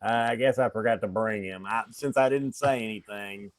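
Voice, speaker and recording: A man's voice: lowish voice, moderate pace, no echo. A man playing a tabletop game, hesitant and stumbling over his words as he plans his character's moves. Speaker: player.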